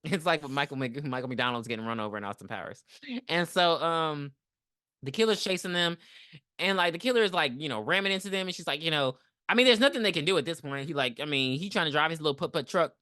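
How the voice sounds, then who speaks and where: A woman's voice: sits low, quick pace, fairly bright tone, no room sound, studio quality. A young woman co-hosting a podcast, recapping a movie in casual chat and acting out the characters in big voices. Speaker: podcast co-host.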